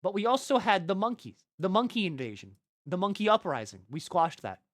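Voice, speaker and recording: A man's voice: high-pitched, big pitch swings, a little fast, fairly bright tone, no echo, studio quality. A man streaming a colony game live, chatting casually with his viewers, answering their questions and swearing freely. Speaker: gaming streamer.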